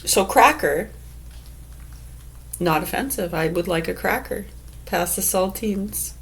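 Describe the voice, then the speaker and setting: A woman talking slowly in a casual vlog, reading definitions aloud and then riffing on them with sarcastic, profane asides. Her voice has a gravelly, fried edge, and she takes her time between thoughts. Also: on the low side, animated, a little hiss or hum. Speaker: vlogger. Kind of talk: casual musing monologue.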